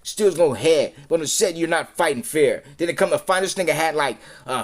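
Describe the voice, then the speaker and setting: A man on a live stream, talking in a heated, profane, rambling rant that circles back and repeats itself, sometimes dropping to a low mutter. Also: fairly quick, few pauses.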